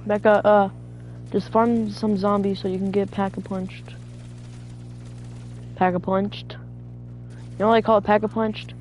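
A woman's voice: medium pitch, little pitch movement, a little slow, long pauses, a little mellow, slight background noise. A woman gamer in casual chat while playing co-op zombies, bossing her teammate around with profane trash talk. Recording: dull lo-fi audio with faint music.

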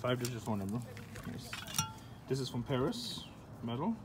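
A man's voice: mid-range voice, lively intonation, moderate pace, over loud music. A man casually reading labels aloud in short bursts with mumbled asides, filmed on a handheld phone indoors. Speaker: vlogger showing a collection. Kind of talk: casual off-the-cuff commentary. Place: indoors at a shop. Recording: loud clinking and handling noise.

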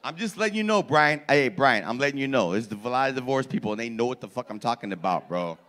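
Loud, profane comedian in his forties. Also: mid-range voice, expressive, quick pace. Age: 40s. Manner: profane, loud, teasing the audience. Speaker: stand-up comedian. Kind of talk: crowd work stand-up. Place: comedy club stage.

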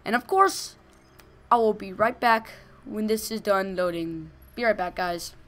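A young woman giving excited gameplay commentary, gushing and shouting during fights. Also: mid-range voice, a little slow. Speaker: gaming video host.

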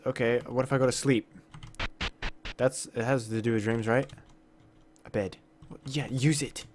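A man commentating a horror game as he plays, jumpy and exclaiming with minced oaths, reading the dialogue aloud. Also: mid-range voice. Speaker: gaming YouTuber. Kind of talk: let's play commentary.

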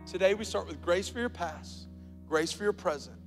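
A man preaching a sermon as pastor, telling a story and building to loud, emphatic points. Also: high voice, moderate pace. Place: large church auditorium. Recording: church hall reverb with soft music.

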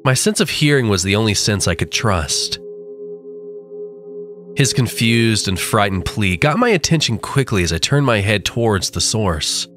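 A male horror narrator with a low, expressive voice. He reads slowly and dramatically, leaning into the dread. Faint music hums under his reading. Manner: slow, dramatic delivery.

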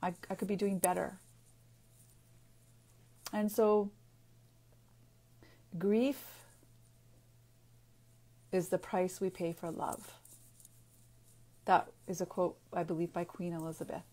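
A woman speaking off the cuff in a personal video, earnest and halting, with frequent restarts and pauses as she searches for words. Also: lowish voice, level tone, warm tone. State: getting emotional. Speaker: naturopathic doctor and author. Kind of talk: unscripted personal video talk.

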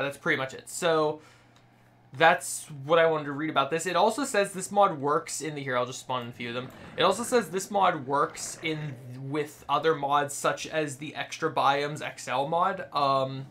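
A man's voice: on the high side, bright, forceful tone. A young man hosting a game video, chatting loosely with many fillers as he reads and demonstrates. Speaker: gaming channel host. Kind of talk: casual video game commentary.

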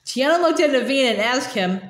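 Halting woman reading aloud, echoey room. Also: sits high, animated. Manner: halting, repeats words and says uh. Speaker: reader. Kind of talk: reading a children's novel aloud.

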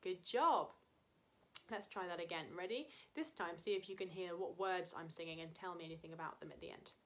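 A woman's voice: on the low side, quick pace, slight background noise. A woman music teacher leading an online singing lesson for children, patient and encouraging as she explains and counts in. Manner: encouraging, patient, speaks to young learners.

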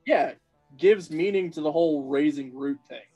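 A man's voice: a little high, moderate pace, mellow, slightly rough, soft background music, poor audio. A man talking as a guest on a casual podcast, upbeat and laughing often.

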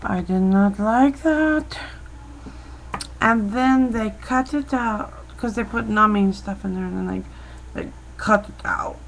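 A woman's voice: mid-range voice, slow, creaky, slight background noise, low-quality recording. An American woman chatting to her webcam in a rambling, self-deprecating way, speaking straight to the viewer. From United States. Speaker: vlogger. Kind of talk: casual chatty monologue to a webcam. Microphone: built-in webcam mic.

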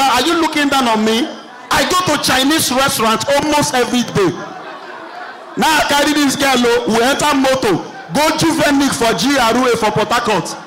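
A young man with a Nigerian accent performing an animated stand-up comedy routine, mimicking characters as he tells stories. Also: very high voice, low-quality recording. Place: live show before an audience. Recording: crowd noise, light background hiss.

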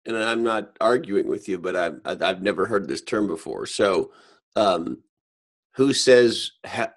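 A Canadian-born man hosting a podcast, asking questions in a relaxed, joking way with frequent restarts. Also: on the low side, measured pace. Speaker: podcast host. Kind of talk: casual podcast interview.

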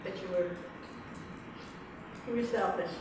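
A middle-aged woman in an emotional tapping exercise, speaking haltingly and repeating phrases back in anger. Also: on the low side. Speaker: workshop volunteer. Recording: echoey room, distant mic, some noise.

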